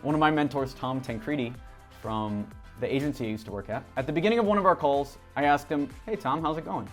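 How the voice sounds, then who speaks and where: Male business vlogger, mid-pitched voice, frank and profane with a joking edge. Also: lively intonation, quick pace, faint music behind. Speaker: business coach and entrepreneur. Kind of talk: casual vlog monologue.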